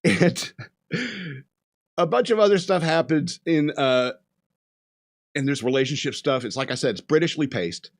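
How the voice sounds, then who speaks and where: Guy rambling thru a movie recap on his podcast, kinda high voice, laughs a lot, does little voices for quotes. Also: expressive, moderate pace. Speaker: podcast host. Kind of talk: casual movie review rant.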